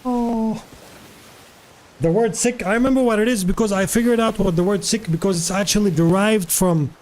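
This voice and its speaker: A man's voice: high-pitched, moderate pace, darkish tone, a little hiss or hum. A man streaming live, chatting casually and rambling through many fillers while answering his chat.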